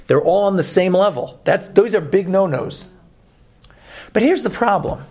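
A man with a Brooklyn accent teaching a Torah class, lively, joking and putting questions to his students. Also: high voice.

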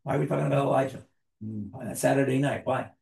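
A man's voice: mid-range voice, fairly even intonation, quick pace, gravelly, darkish tone, reverberant. A man leading an interactive class, who asks the group questions and jokes with them as he explains.

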